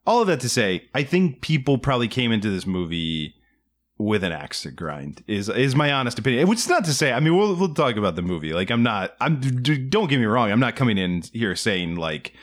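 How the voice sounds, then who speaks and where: A man's voice: mid-range voice, very animated, fairly quick. A man co-hosting a podcast in casual movie-review chat, rambling and hedging as he corrects himself mid-thought. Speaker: podcast co-host.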